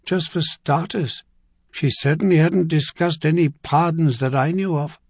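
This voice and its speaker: Casting: man voicing a candid noble courtier, a bit higher than his own voice. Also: a little slow, a little mellow, no room sound, clean studio sound. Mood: frank.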